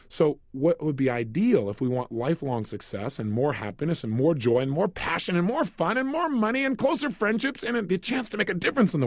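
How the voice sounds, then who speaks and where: Guy doing a self-help tape, lots of rhetorical questions, voice jumps all over, kinda high, dry close sound. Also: dry recording. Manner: energetic, emphatic, teasing, with rhetorical questions. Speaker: motivational speaker. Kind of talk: self-help audio program.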